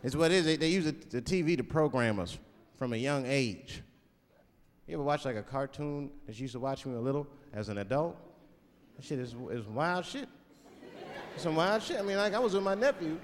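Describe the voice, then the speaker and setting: A man's voice: on the high side, expressive, a little fast, a little hiss or hum. A male stand-up comedian telling a laid-back, profane story on a theater stage. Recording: hall reverb, loud crowd laughter.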